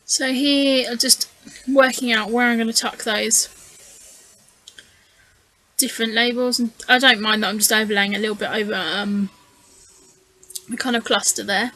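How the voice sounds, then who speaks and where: This is a casual voice-over for a craft video: a scrapbooking channel host with a steady, crisp, bright voice pitched a touch high walks the viewer through her work. Tired and yawning, she rambles hesitantly, peppering pauses with ums as she thinks aloud, and the audio is poor.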